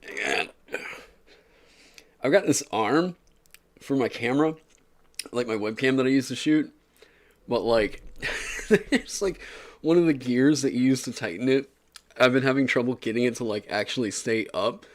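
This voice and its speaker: A man's voice: medium pitch, moderate pace, pauses often. A man chatting casually on his livestream, rambling with lots of fillers in an upbeat way. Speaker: streamer. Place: home streaming setup.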